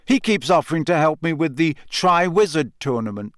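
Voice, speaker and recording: A man's voice: a little high, animated, normal speed, dry recording, studio quality, pitched above the performer's own voice, natural voice. A man reading aloud, voicing an earnest, puzzled teenage boy in a storybook. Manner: thoughtful, plain.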